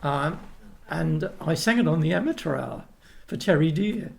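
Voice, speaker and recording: An older Australian man with a gravelly, creaky edge to a slightly high voice. He tells long, wandering stories in a relaxed interview, doubling back and restarting as he goes, and slips into the voices of the people he remembers. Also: normal speed. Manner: rambling anecdotes with restarts, acts out quoted voices. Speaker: guest, retired opera tenor. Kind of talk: casual storytelling interview.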